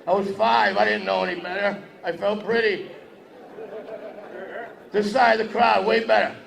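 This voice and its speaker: A man with a high-pitched voice and vocal fry speaks at a normal speed with fairly even intonation. He is doing stand-up on an event hall stage with a podium, brashly teasing a live audience. The hall sounds echoey and the crowd is audible.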